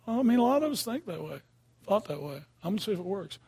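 A man's voice: high voice, big pitch swings, quick pace, darkish tone, slightly rough. An older man preaching a sermon in a folksy, conversational way, often checking in with his listeners.

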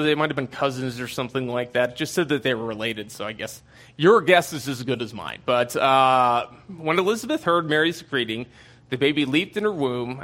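A man's voice: medium pitch, bright, forceful tone. A man giving a casual Bible teaching in a conversational way, with many fillers and asides.

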